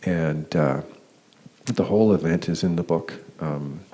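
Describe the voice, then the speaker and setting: A deep-voiced man speaks at a talk, recounting his experience in a loose, conversational way. His delivery is hesitant, full of fillers and restarts. He slips into higher voices for the people he quotes. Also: unhurried, warm tone. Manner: acts out quoted dialogue with raised pitch. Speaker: conference speaker. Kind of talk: personal story told as a lecture.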